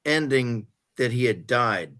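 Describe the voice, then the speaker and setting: A man's voice: medium pitch, animated, slow, fairly bright tone. A man on a casual film podcast, recalling details tentatively. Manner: tentative, recalls things half-sure. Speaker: podcast panelist.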